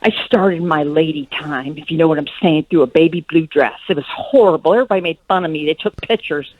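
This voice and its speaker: A woman's voice: low-pitched, fast talker, dry recording, phone-quality sound. A woman calling in to a comedy radio show, crude, rambling and self-deprecating. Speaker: caller.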